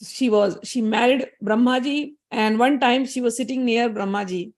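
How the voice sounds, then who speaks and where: A woman's voice: on the high side, normal speed. A woman spiritual teacher retelling a scripture story in a conversational, explanatory way with casual asides.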